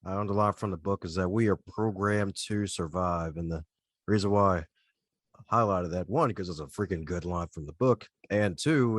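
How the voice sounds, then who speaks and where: Low-voiced podcast host man. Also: normal speed, no echo. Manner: chatty, laughs often. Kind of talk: casual interview chat.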